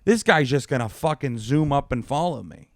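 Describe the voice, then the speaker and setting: A man's voice: mid-range voice, animated, moderate pace, gravelly, no echo, clean studio sound. A man in his thirties co-hosting a comedy podcast, telling rambling, self-mocking stories full of filler words. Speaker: podcast co-host. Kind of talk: casual comedic chat.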